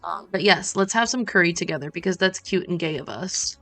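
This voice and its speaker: A woman's voice: fairly low pitch, fairly quick, a bit bright, faint music behind. A woman streaming a cozy game, chatting playfully with joking asides and casual swearing. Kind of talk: casual gameplay chat.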